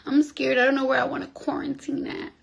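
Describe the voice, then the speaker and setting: A young woman chatting on a phone live stream at home, profane and rambling, swinging from loud outbursts to hushed whispers. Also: high-pitched, flat delivery, fairly quick, vocal fry. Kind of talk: casual live-stream chat.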